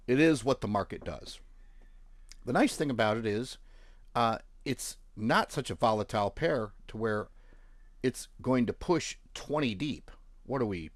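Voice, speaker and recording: In a mid-range voice on a dry recording, a forex trading channel host leads a casual screen-share walkthrough. He clicks through charts and accounts, joking in an offhand way.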